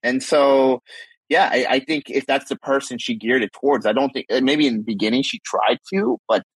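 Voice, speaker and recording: Husky man musing on a podcast. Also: mid-range voice, moderate pace, no room sound, poor audio. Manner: thoughtful, rambling, frequent restarts. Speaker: podcast co-host. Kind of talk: casual podcast discussion.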